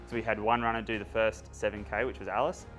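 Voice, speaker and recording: A man's voice: fairly low pitch, little pitch movement, fast, a bit bright, faint music behind. A man explaining a running strategy step by step in a casual interview. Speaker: runner and narrator.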